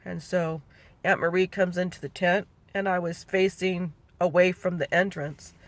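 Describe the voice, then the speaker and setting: A middle-aged woman with a steady, lowish voice speaks at a moderate pace, with no echo. She shares a personal family memory as oral history in a rambling, self-correcting, conversational way.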